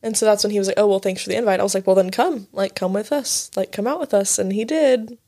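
A young woman in her twenties rambles through a story on a podcast, full of "like" and swearing. She laughs as she goes, her voice sitting at an ordinary middle pitch. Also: mellow. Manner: fast, profane, laughing, filler-heavy "like". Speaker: podcast co-host. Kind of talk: casual storytelling chat.

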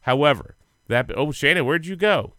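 A man co-hosting a sports podcast, chatting casually in a profane, rambling, animated way. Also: on the high side, moderate pace, dry recording, clean studio sound. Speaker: podcast co-host.

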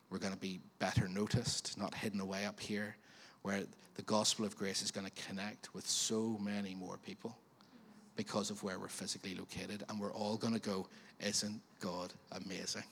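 A man preaching a sermon as pastor, in a chatty, animated way with frequent questions to the congregation. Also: fairly low pitch, breathy edge. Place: church auditorium. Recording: long reverb of a church hall.

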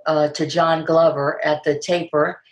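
A woman's voice: low voice, level tone, unhurried. An older woman, an actress, chatting in an interview and telling stories animatedly, acting out quoted lines with big jumps in her voice. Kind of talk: casual interview chat. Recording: echoey room.

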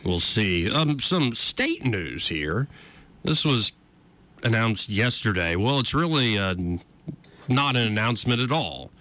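A man's voice: mid-range voice, sing-song, takes it slowly, sharp tone. A man hosting a political talk radio show, sarcastic and conversational.

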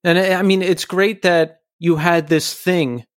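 A man's voice: sits high, steady tone, measured pace, no room sound, studio quality. A man hosting a casual podcast interview, responding with sympathetic, reflective remarks and steering to the next topic. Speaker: podcast host.

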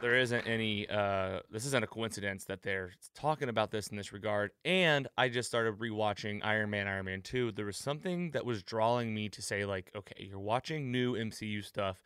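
A man's voice: on the low side, normal speed, few pauses, fairly bright tone, smooth, no room sound, clean studio sound. A man hosting a podcast, talking casually and rambling a bit, with frequent fillers and restarts. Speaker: podcast host.

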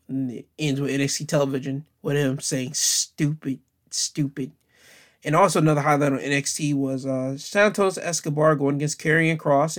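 A man in a middle pitch range runs through a casual recap of wrestling news. His delivery is loose and conversational, full of fillers, restarts and quick asides.

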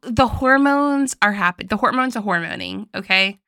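A woman's voice: mid-range voice, moderate pace, vocal fry, sharp tone, dry recording, clean studio sound. A young woman co-hosting a podcast, retelling a movie in playful, jokey talk. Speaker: podcast co-host. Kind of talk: casual movie recap chat.

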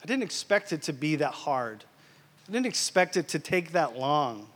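High-voiced man preaching in a hall. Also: moderate pace. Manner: animated storytelling, swinging between loud and hushed. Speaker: guest preacher. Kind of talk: sermon. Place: church. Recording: church hall reverb.

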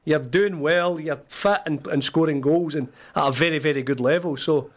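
A man's voice: a little high, moderate pace. Jokey Scottish man on sports radio. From Scotland. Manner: jokey, laughing, banters at guest. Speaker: radio show co-host, former footballer. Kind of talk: casual sports radio chat.

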